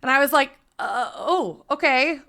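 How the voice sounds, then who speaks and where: A woman streamer casually telling a story to her chat, animated and swearing freely. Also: high-pitched, a little slow, vocal fry. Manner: animated, swears freely, breaks into loud laughs.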